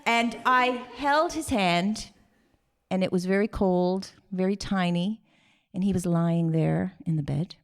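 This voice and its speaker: A woman tells a personal story on stage. Her voice sits fairly low for a woman. She is animated and emotional and acts out the other people's voices. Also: unhurried.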